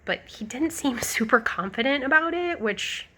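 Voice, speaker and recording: Young woman vlogger, bright, forward tone, casual rambling storyteller with lots of fillers. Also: high-pitched, expressive, normal speed. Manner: chatty, rambling, lots of likes and ums.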